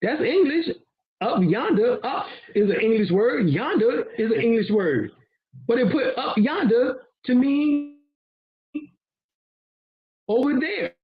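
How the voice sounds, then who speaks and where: A high-pitched man with a husky, slightly breathy voice talks loosely in a casual discussion, laughing and dropping the odd curse as he explains. The recording sounds dull and lo-fi. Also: sing-song, slow, pauses often. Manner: loose and conversational, laughs and swears. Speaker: co-host.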